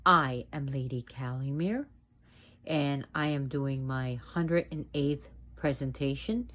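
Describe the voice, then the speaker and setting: A woman presenting a casual educational video at home, talking slowly and deliberately and repeating words for emphasis. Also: extremely low pitch, fairly bright tone, lo-fi sound. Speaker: video presenter on mythology and witchcraft. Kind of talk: casual educational talk to viewers.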